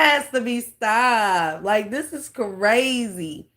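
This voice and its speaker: A woman's voice: on the high side, expressive, measured pace, few pauses, fairly bright tone. A woman hosting a casual livestream, mocking a clip she reacts to and talking straight to her viewers with laughing asides. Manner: talks straight to chat, thanks viewers.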